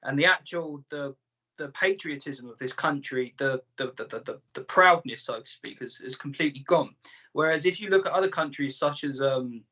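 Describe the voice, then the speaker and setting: A man with a British accent chatting on a podcast, halting and repeating words as he talks. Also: a little high, sharp tone. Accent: British English. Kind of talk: casual podcast chat. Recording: slightly muffled podcast audio.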